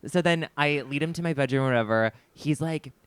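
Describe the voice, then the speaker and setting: Smooth-voiced man telling a lively story. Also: fairly high pitch, no echo. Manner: animated storytelling, acting out both sides with quick voice shifts. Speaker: podcast co-host. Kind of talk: casual chat, telling a story.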